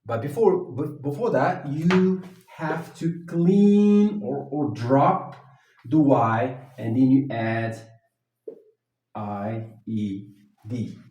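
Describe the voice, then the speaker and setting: Guy teaching grammar, slow and halting, lots of uhs, sounds far off the mic in a roomy classroom. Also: medium pitch, mellow, dull audio. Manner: slow and halting, with many fillers and restarts. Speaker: English teacher. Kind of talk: grammar lesson at a whiteboard. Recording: echoey room, voice from off the mic.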